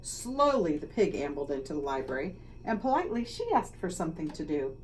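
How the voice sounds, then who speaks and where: A woman, a school leader, reading a children's picture book aloud with expressive, dramatic storytelling. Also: low voice, a little fast. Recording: slightly distant mic, faint noise.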